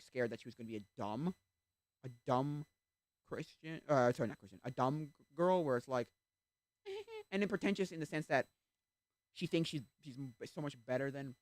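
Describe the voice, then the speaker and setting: A man's voice: on the high side, dry recording. A man streaming a game, chatting casually in a rambling way and breaking off to react to play. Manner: rambling, animated, interrupts himself to react to the game. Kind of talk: casual chat while playing.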